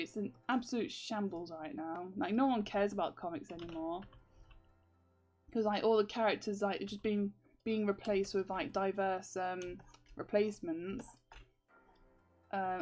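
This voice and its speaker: A woman's voice: mid-range voice, a little mellow. A young woman chats on a stream in a mid-range voice, rambling with many fillers and frequent laughter. Faint music plays behind her. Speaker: comic artist streaming. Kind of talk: casual livestream chat.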